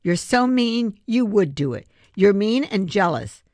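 A woman's voice: mid-range voice, big pitch swings, normal speed, no echo, pitched above the performer's own voice. A woman reading aloud, voicing a hurt, stubborn young girl in a raised, childlike voice. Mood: upset.

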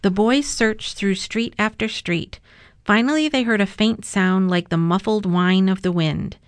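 A woman reads a children's picture book aloud, gentle and measured as she goes. Her voice sits at a middle pitch and is recorded dry and close, with no room echo. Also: smooth. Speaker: storyteller.

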